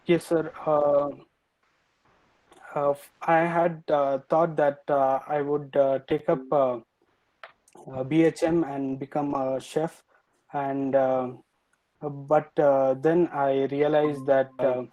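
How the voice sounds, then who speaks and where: A nervous young man answering a panel's questions, hesitating with many filler pauses. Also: a little high, little pitch movement, lo-fi sound. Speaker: student presenter.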